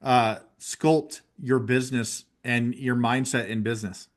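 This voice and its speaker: A man hosting a podcast interview, reacting encouragingly and asking unhurried questions. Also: mid-range voice, steady tone. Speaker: podcast host.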